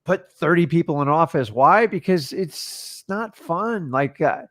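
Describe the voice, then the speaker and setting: A man with a slightly higher voice gives blunt business advice in casual chat. The sound is dry and close, with no room around him. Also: lively intonation, a little slow, a bit bright, no echo. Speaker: real estate investor co-host.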